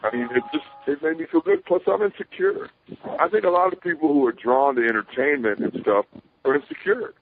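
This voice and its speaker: Over a tinny phone line with slight background noise, a man with a slightly high, expressive voice speaks fairly quickly as an interview guest. He tells rambling stories, swearing casually and acting out the voices of people he quotes.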